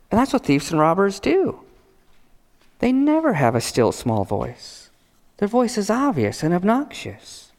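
A man pastor preaching a sermon as a storyteller, swinging from loud passages to hushed ones. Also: sits high, wildly swooping pitch, unhurried, long pauses, in a large hall.

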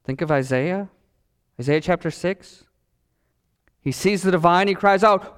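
Middle-aged pastor guy preaching, takes it real slow, voice swoops way up and back down. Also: big pitch swings, smooth. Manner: dramatic preaching with long pauses and big swings in pitch. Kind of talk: sermon.

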